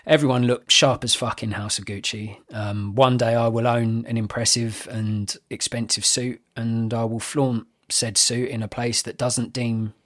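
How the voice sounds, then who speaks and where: A man co-hosting a podcast, chatting casually about a film with wry, measured sarcasm. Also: medium pitch, flat delivery, a bit bright, no echo, clean studio sound. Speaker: podcast co-host. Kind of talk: casual film review chat.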